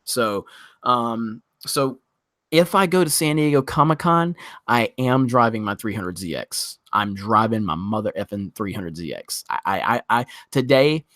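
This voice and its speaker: A man hosting a casual livestream, reading chat and ranting excitably, swearing freely as he talks. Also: medium pitch, measured pace, no echo, clean studio sound.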